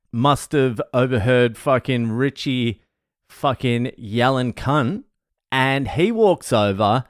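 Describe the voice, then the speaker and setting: A man in the middle range of pitch tells rambling anecdotes, thick with swearing. He speaks as a stand-up comedian on a casual vlog. The sound is dry and close, with no room echo. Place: home in Australia.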